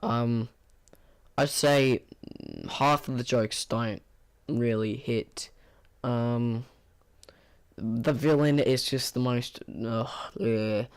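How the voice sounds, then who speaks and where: A man with a hoarse, tired voice giving a casual spoken movie review, rambling with many fillers and restarts in a flat, bored-sounding way. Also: medium pitch.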